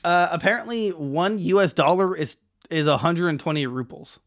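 A man's voice: a little high, normal speed. A man co-hosting a podcast, chatting casually and rambling with many restarts and laughs. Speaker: podcast co-host.

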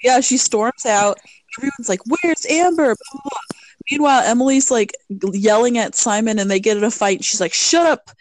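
A woman's voice: on the high side, steady tone, fairly quick, darkish tone, slight background noise, rough recording. A woman co-hosting a podcast, casually recapping a movie with lots of fillers and acted-out quotes. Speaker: podcast co-host.

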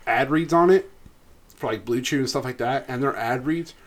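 A man co-hosting a casual podcast, speaking at an ordinary middle pitch. He tells loose, profane stories and keeps breaking into laughter as he goes. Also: normal speed. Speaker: podcast co-host. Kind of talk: casual chat.

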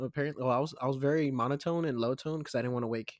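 A man's voice: medium pitch, very fast, no room sound, clean studio sound. A young man co-hosting a casual podcast chat, laid-back, laughing often and acting out what his relatives said. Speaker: podcast co-host.

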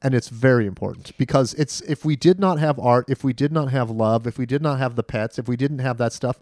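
Animated man in casual podcast chat. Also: mid-range voice, fairly quick, no room sound, studio quality. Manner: animated storyteller, acts out quotes. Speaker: podcast guest.

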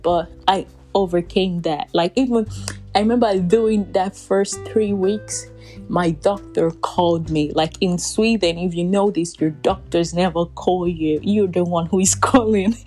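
A woman's voice: lowish voice, dark tone. A young woman vlogger telling a personal story in a casual, rambling way, full of "like" and little laughs. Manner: rambling, heavy use of "like", laughs between phrases.

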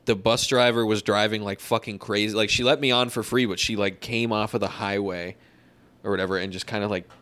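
A man's voice: lowish voice, fairly even intonation, brisk, fairly bright tone. A man, co-hosting a casual podcast chat, cracking crude jokes and laughing often. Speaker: podcast co-host.

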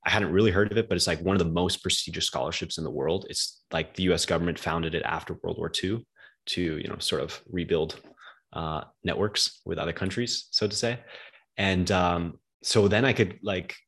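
A man's voice: low voice, steady tone, moderate pace, a bit bright, husky. A young man from the United States, talking casually and loosely as a podcast guest, with lots of slang. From United States, outside New York City.

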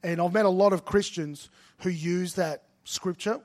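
Middle-aged male pastor, sermon storyteller, slightly raised pitch, emphatic peaks. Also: fairly even intonation, moderate pace.

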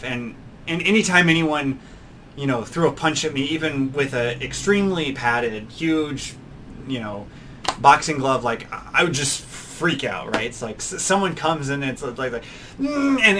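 A man's voice: medium pitch, a little hiss or hum. Enthousiaste man die levendig een persoonlijk verhaal vertelt. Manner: earnest, animated storytelling with many restarts and acted-out quotes. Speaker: podcast host. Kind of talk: personal storytelling.

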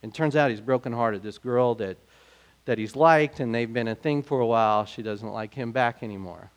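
A man preaching a sermon in a conversational way, growing animated when he asks questions. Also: mid-range voice, moderate pace. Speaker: pastor.

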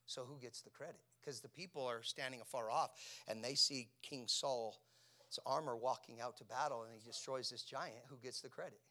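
A man preaching a sermon, asking his congregation questions and swinging from hushed near-whispers to loud shouting. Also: medium pitch, fairly even intonation, moderate pace.

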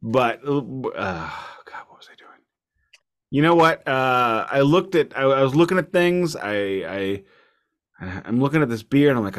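Podcast co-host, man, mid-pitched, rambling and self-deprecating, casual chat. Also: lively intonation, fairly bright tone. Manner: rambling storyteller, quick bursts, self-deprecating. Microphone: computer mic from home.

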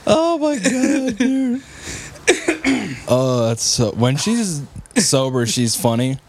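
A man's voice: on the high side, very animated, slow pace, darkish tone, a little hiss or hum. A man co-hosting a podcast, telling a story in casual chat with lots of swearing. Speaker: podcast co-host.

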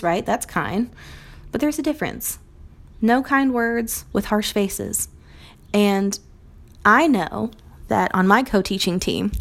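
Woman, young adult, Montessori teacher, earnest, reflective, mid-pitched voice. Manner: earnest and reflective, acts out quoted phrases. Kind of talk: recorded talk on teaching.

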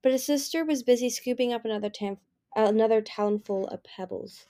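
A woman's voice: fairly high pitch, fairly quick, mellow. Woman reading a fantasy novel aloud. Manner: voices the characters' dialogue. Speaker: audiobook reader.

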